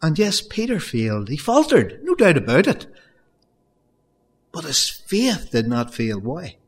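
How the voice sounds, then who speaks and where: A man's voice: fairly high pitch, wildly swooping pitch, a little slow, breathy edge. A man preaching a sermon, earnest and building to emphatic raised peaks, often addressing his congregation as folks.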